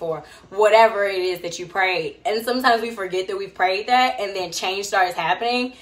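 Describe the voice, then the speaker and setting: A woman hosts a casual cooking stream from her home kitchen, her medium-pitched, fairly bright voice moving at a moderate pace over soft background music. She chats loosely and conversationally while cooking, getting a bit preachy as she shares faith-based encouragement.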